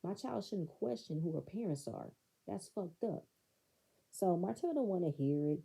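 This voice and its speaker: A woman's voice: on the low side, lively intonation, normal speed, creaky, dark tone, breathy edge, poor audio. A woman recapping a reality show in blunt, sassy, profane commentary. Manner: blunt, sassy, profane, talks back to the screen.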